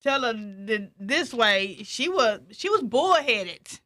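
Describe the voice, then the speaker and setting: A middle-aged woman hosting a family podcast, talking in a lively, laughing way and quoting people with animation. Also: fairly high pitch, slow pace, dry recording, clean studio sound. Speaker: podcast host. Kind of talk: casual chat.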